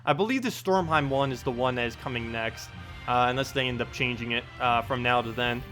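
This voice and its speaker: A chatty male game streamer with a bright, forward voice, talking casually as he plays and answers viewers. He laughs easily and drifts between thoughts, with faint game music under him. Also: mid-range voice, fairly quick. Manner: chatty, reading out chat and laughing often. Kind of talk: casual live-stream chat. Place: home in South Carolina.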